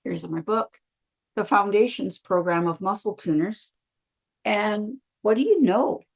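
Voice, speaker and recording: A middle-aged woman tells her story as a podcast guest, with a mid-range voice that is neither high nor low. She talks in a lively, anecdotal way and acts out her own inner voice as she goes. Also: a little slow, gravelly, husky. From Canada. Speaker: guest, wellness practitioner. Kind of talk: conversational storytelling.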